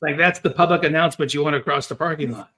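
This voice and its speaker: A woman's voice: deep voice, fast, fairly bright tone. A woman hosting an interview, mostly giving short supportive interjections and asking questions. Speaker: host.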